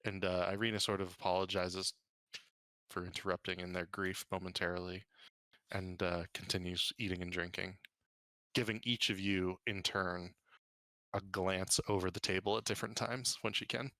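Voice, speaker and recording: A man running a tabletop game, narrating scenes in a loose, descriptive way. His voice is lowish with a bright edge, recorded dry and close. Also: flat delivery, moderate pace, no echo. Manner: casual, descriptive, full of fillers. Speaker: game master.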